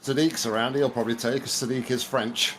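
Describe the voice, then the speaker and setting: Fast-talking man at the wheel. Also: medium pitch, steady tone, fairly bright tone, slight background noise. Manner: quick, brief replies. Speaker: sim race driver. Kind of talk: casual chat while driving.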